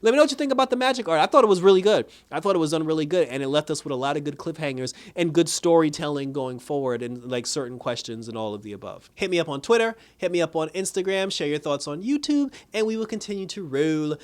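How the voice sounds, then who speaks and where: A man with a fairly high voice recaps a TV episode for his channel. He talks casually and with lots of energy. He laughs a lot and retells scenes by quoting the characters. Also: lively intonation, fast talker, few pauses. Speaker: TV show reviewer.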